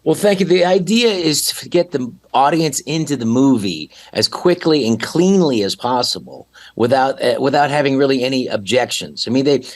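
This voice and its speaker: A man with an average-pitched voice speaks as a guest on a podcast. He explains his ideas earnestly and at length, in the steady voice of someone teaching a point. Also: moderate pace, few pauses. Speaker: guest actor. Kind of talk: casual chat.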